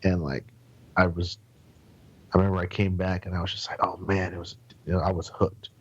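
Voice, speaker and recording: His voice sits low with a level tone, a brisk pace, and a breathy edge, though the recording is muffled. This San Antonio, Texas native is a podcast guest spinning casual, rambling road stories, swearing plenty and doing quoted voices.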